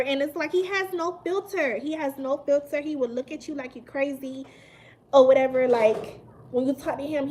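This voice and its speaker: Woman, 30s, high voice, live-stream host, animated, emphatic, quick to laugh. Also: slight background noise. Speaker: mukbang livestream host. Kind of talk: casual live-stream chat with viewers.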